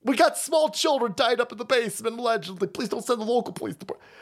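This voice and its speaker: A man's voice: extremely high pitch, expressive, fast talker, exaggerated voice. A man putting on the voice of a panicky older man who stammers and pleads with the police. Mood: panicky pleading.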